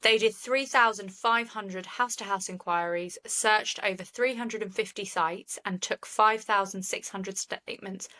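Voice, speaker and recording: A woman's voice: medium pitch, steady tone, normal speed, few pauses, sharp tone, low-quality recording. A woman, co-hosting a podcast and retelling a case in earnest, opinionated chat. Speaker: true crime podcast co-host.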